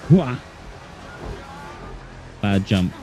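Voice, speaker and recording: A man's voice: on the low side, very animated, extremely slow, a little mellow, faint music behind. A man streaming a game with casual, playful, self-mocking chat in a put-on Australian accent. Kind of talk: casual gameplay commentary.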